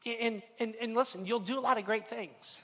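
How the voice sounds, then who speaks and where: A man's voice: extremely high pitch, moderate pace, sharp tone. A middle-aged man preaching a sermon as the pastor, telling a personal story earnestly with frequent stammered restarts. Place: church hall. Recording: long hall reverb.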